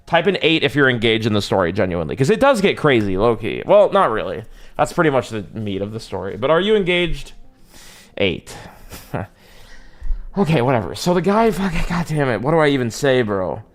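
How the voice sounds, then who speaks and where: A young male streamer tells his chat a long story in loose, slangy talk, swearing and circling back on himself. His pitch swings widely from line to line, climbing high when something strikes him as crazy. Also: sing-song, fairly quick. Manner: rambling, profane, slangy, restarts a lot. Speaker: livestreamer.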